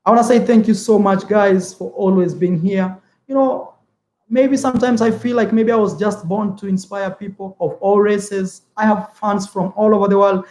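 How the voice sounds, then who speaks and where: A man's voice: high voice, fairly even intonation, moderate pace, darkish tone. A man hosting a casual livestream, chatting with his viewers, repeatedly calling them "man" and thanking them. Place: indoor room, streaming live. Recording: roomy echo.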